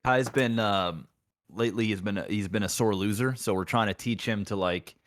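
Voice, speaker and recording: A young adult man co-hosting a podcast, telling anecdotes in relaxed, rambling casual chat. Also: fairly low pitch, moderate pace, no echo, studio quality. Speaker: podcast co-host.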